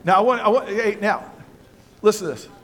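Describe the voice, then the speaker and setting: High voiced guy pastor, preaching hard, repeats himself for emphasis. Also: brisk, a bit bright, a little hiss or hum. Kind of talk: sermon. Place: church sanctuary with congregation.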